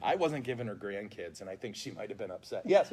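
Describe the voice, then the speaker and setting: A man's voice: on the low side, quick pace, background noise. A man who is a priest, telling funny stories in a casual catechesis talk with mock outrage. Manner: animated, comic storyteller with mock outrage. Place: indoors at a funeral home, live stream.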